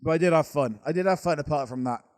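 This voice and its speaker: Man, high voice, animated storyteller on a casual podcast, dry sound. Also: quick pace, no room sound. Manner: animated storytelling, laughing and swearing. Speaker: wrestler and podcast co-host. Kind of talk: casual banter.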